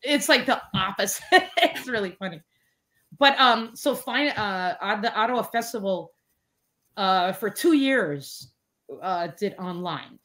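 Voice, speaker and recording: Animated chatty woman telling a story. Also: unhurried. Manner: animated, many fillers, acts out quotes in a higher voice. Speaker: interview guest. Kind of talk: casual storytelling chat.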